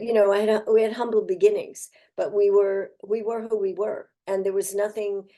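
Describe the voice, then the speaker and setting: An older woman chats as a podcast guest in a warm, mellow voice that sits a little low. She speaks in a heartfelt, effusive way, often restarting her sentences as her thoughts run ahead. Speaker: actress guest. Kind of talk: casual interview chat.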